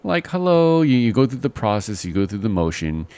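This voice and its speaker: A man's voice: fairly low pitch, big pitch swings, a little fast, darkish tone, clean tone, dry recording. A man co-hosting a podcast in casual chat, rambling with lots of "you know" and "right?", now and then mimicking call-center agents in exaggerated voices. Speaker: podcast co-host.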